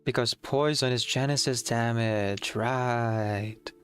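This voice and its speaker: A man's voice: medium pitch, fairly even intonation, slow pace, clean tone. A young man talks casually to his stream audience, reading comments aloud and musing about a game. He sounds a little nervous but chatty, with faint music playing under his voice. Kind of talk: casual live-stream chat.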